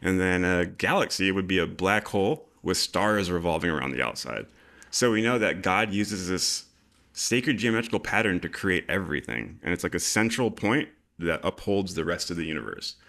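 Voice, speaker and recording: A man with a very deep, low voice, chatting loosely on a livestream. He sounds excitable and casual and drops curse words as he riffs. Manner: loose, excitable, swears freely. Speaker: podcast co-host.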